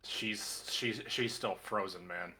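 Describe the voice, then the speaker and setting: Crude, joking man with a bright voice. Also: fairly low pitch, slow pace. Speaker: player. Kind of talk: casual chat.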